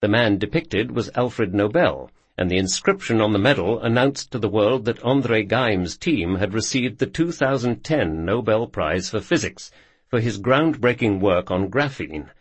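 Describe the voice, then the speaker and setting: Male nonfiction narrator, lowish husky voice, lively delivery, dry studio read. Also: moderate pace, no echo.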